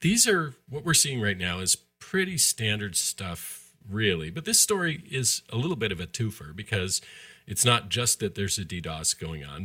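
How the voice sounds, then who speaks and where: A man co-hosts a podcast and explains with dry wisecracks. His very low voice is husky yet has a bright, forward edge. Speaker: podcast co-host. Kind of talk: casual podcast chat and explanation.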